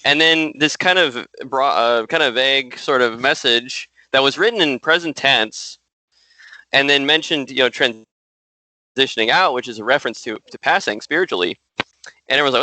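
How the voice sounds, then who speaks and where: Male podcast guest, sharp bright voice, dry and close, loose talky storyteller. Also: mid-range voice, normal speed, dry recording, poor audio. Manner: storytelling, loose, lots of "you know". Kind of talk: casual podcast chat.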